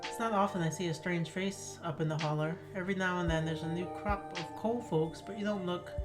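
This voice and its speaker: A chatty small-town woman, voiced by a woman reading a game aloud, neighborly and a bit gossipy. She talks easily to a stranger about her old dog. Game music plays clearly behind. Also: fairly low pitch, steady tone, brisk, close to an everyday voice. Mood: friendly chatty.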